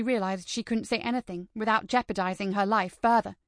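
A woman reading an audiobook in steady scripted narration. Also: mid-range voice, fairly quick, no room sound, clean studio sound. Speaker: audiobook reader.

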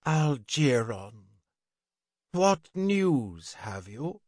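A man voicing a regal female dragon queen in a storybook reading. He gives her a silvery, smoky whisper and a slow, measured delivery. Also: mid-range voice, very animated, darkish tone, dry recording, studio quality, pitched above the performer's own voice, full character voice. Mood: coaxing.

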